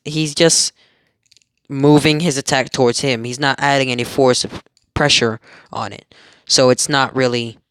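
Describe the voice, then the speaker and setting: A man's voice: mid-range voice, fairly bright tone, clear, resonant tone, dry recording, studio quality. Rambling young guy telling a fan story. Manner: rambling, self-correcting, giggly. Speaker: amateur storyteller. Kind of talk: casual fan story retelling.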